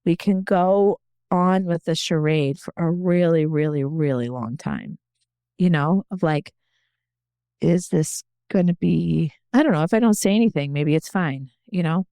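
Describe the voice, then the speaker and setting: A woman's voice: fairly low pitch, unhurried, mellow, clear, resonant tone, dry recording, studio quality. A woman guest on a podcast, telling her story in a candid, earnest and reflective way.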